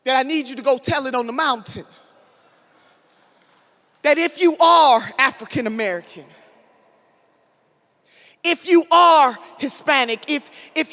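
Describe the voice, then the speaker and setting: Woman, rally speaker, forceful preacher-style cadence and repetition; big hall with long reverb, faint crowd. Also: high-pitched. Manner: preacher-like cadence, repetition, loud shouted build-ups. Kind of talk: fiery political rally speech. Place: large hall with an audience.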